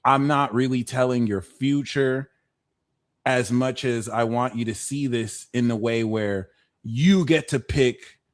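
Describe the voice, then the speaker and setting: A man hosting a live tarot card reading, talking in a playful, slangy, animated way. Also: mid-range voice. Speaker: tarot reader.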